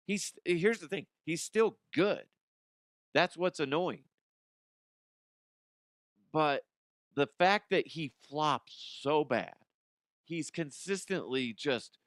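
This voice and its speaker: A man's voice: mid-range voice, fairly bright tone, dry recording, clean studio sound. A man hosting a comedy podcast, ranting in a profane, mocking way. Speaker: podcast host. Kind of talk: comedic rant.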